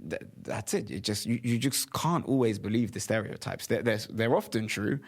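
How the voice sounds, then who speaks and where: A man from the UK co-hosting a casual podcast conversation, animated and laughing often. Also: on the low side, moderate pace, slightly rough. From United Kingdom. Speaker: podcast co-host.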